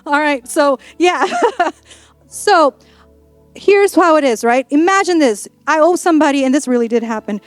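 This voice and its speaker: A woman's voice: high-pitched, animated, moderate pace, dry recording, faint music behind. A woman pastor preaching a sermon in a church, in a playful, conversational way with acted-out asides.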